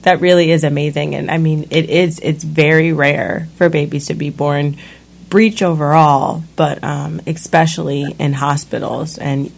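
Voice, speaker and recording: A woman hosting an interview, affirming her guest in a measured way. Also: low voice, steady tone, vocal fry. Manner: affirming, measured, frequent ums. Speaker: podcast host. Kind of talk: conversational interview.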